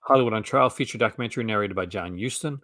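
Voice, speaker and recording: A man's voice: lowish voice, very fast, fairly bright tone, no room sound, studio quality. A man with a Canadian accent, hosting a casual chat and rambling with frequent restarts. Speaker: host.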